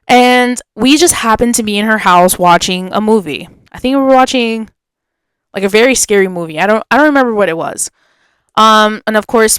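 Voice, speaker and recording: A young woman hosting a podcast, telling a personal story in a casual, animated way and acting out the other people's lines. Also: medium pitch, clear, resonant tone, no echo. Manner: animated, acts out quoted dialogue. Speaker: podcast host.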